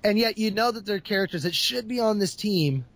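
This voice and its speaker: High-pitched and brisk, a man relays what happens in a comic book during an informal chat. He's an animated narrator who laughs often and puts on voices.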